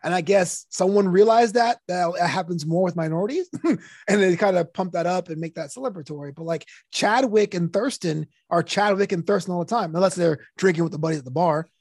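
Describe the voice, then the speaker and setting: A man's voice: high voice, fairly quick, no echo, clean studio sound. A man co-hosting a podcast, chatting casually and laughing often, with a comedian's observational style. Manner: animated, laughs often, slips into put-on voices for jokes.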